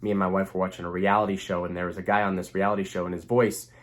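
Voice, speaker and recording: Earnest low-voiced man coaching viewers. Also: level tone, racing. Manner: earnest, repeats phrases for emphasis. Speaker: relationship jealousy coach. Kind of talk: motivational self-help talk to camera.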